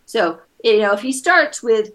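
Woman parenting coach, patient and explanatory, mid pitch. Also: expressive, moderate pace, fairly bright tone. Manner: patient, acts out kids' voices in quotes. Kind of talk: advice session.

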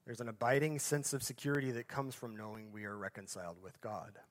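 A man preaches in a middle-pitched voice, starting each thought with lift and force, then letting it sink to a quiet, hushed close. He keeps a conversational touch, tossing in asides and correcting himself as he goes. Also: quick pace. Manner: phrases swell louder then drop off to a soft, hushed finish. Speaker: pastor. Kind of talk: sermon.

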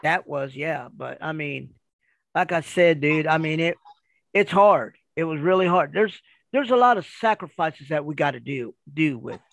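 A middle-aged man from Kansas City, a retired wrestler, telling stories from his life in a casual, animated way and acting out the people he quotes. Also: a little high, normal speed, gravelly, dry recording. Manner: animated, acts out quoted dialogue. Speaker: retired pro wrestler, guest. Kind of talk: casual storytelling.

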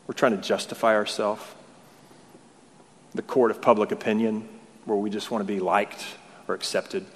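A man's voice: on the low side, flat delivery, moderate pace. A male pastor preaching a conversational sermon, full of rhetorical questions and repeated words. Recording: long hall reverb.

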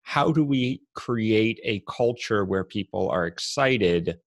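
A man's voice: lowish voice, animated, slow pace, no echo, studio quality. A man hosting a podcast, chatting casually and laughing often, trailing off mid-sentence. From Tennessee. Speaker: podcast host. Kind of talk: casual pre-show chat.

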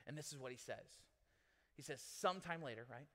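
In a big hall with long, lingering reverb, a male pastor preaches in a mid-range voice at a brisk pace. His sermon is casual and conversational, and he's animated, joking with the audience throughout.

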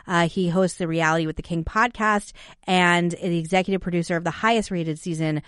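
A woman's voice: fairly low pitch, fairly even intonation, a little fast, fairly bright tone, clear, resonant tone, dry recording, studio quality. A woman in her thirties hosting a podcast, chatting casually with her guests and using many fillers. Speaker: podcast host. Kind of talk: casual interview chat.

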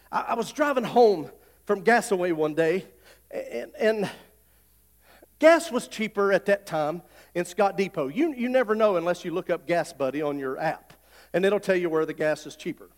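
A middle-aged male pastor, preaching a folksy sermon that swells into loud, repeated declarations. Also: high-pitched, expressive, a little slow. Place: church sanctuary. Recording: long hall reverb.

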